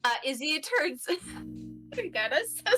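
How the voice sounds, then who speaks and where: Bright-voiced woman player, giggly, rambling, thinks aloud; casual game chat. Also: high voice, big pitch swings, measured pace, soft background music. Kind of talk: casual tabletop role-play.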